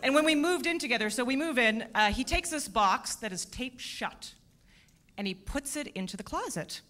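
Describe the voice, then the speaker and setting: A woman in her thirties doing a stand-up set in a theatre, self-deprecating with deadpan punchlines. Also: high voice, moderate pace, some chatter behind, slight background noise. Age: 30s. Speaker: stand-up comedian. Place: theatre stage at a comedy festival.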